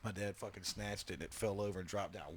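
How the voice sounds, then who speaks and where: A man's voice: on the low side, fast talker. A man co-hosting a podcast in casual chat, telling profane stories and acting out the other voices. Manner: profane, animated storytelling with acted-out voices. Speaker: podcast co-host.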